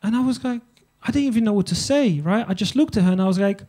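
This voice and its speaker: A young stand-up comedian from Eastern Europe with a strikingly high-pitched voice, chatting to a club crowd in a loose, profane banter. He speaks into a handheld stage mic. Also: expressive, racing, warm tone.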